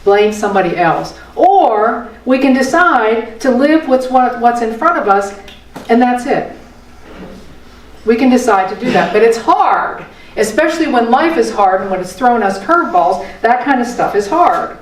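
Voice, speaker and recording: A woman's voice: on the high side, lively intonation, normal speed. Older woman teaching in an echoey room. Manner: folksy, repeats phrases, asks rhetorical questions. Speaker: spiritual teacher. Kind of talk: conversational dharma talk. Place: meeting room of a spiritual center. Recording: echoey room, voice from a distant mic.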